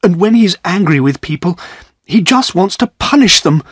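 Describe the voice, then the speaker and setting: A man putting on a tense, angry young gentleman. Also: high-pitched, lively intonation, normal speed, slightly rough, no echo, studio quality, pitched above the performer's own voice. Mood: worried. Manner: raised, tense and bitter. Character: young gentleman, anxious, quick to anger. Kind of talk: graded-reader audiobook reading.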